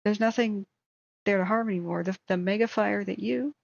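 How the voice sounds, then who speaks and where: Hoarse woman ranting angrily on a livestream. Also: mid-range voice, fairly quick, no echo, lo-fi sound. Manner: angry, indignant, exasperated. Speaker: wildfire tracking livestream host.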